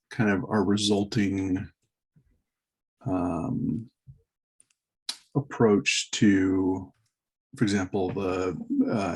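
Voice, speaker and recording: A man with a low, husky voice speaks on a video call. He hesitates often, restarting his sentences and filling the gaps as he thinks aloud in a work meeting. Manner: hesitant, many restarts and fillers. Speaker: meeting participant. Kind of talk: casual work meeting talk.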